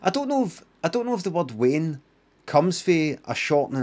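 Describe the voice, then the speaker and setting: Scottish man, streamer, muttering, swearing, chatty commentary, slightly high voice. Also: very animated, moderate pace, a little mellow.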